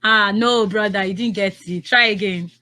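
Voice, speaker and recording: A young Nigerian woman hosting a live radio call-in game, teasing callers, laughing often, and reading phone numbers out slowly. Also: medium pitch, pushed and bright.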